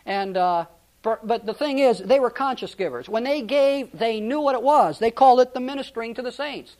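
A man's voice: very high voice, normal speed, darkish tone. A male pastor preaching a sermon in a conversational, storytelling way, with frequent restarts.

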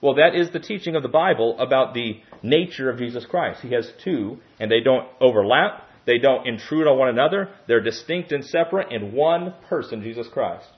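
A man's voice: medium pitch, animated, moderate pace, hardly any pauses, lo-fi sound. A man preaching a Bible-teaching sermon in a teacherly way, often checking in with "okay?".

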